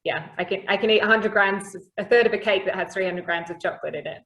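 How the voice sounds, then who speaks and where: A woman hosting a chocolate tasting over a video call, chatting in a relaxed, rambling way and laughing at herself. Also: medium pitch, fast, roomy sound. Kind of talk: casual video-call chat.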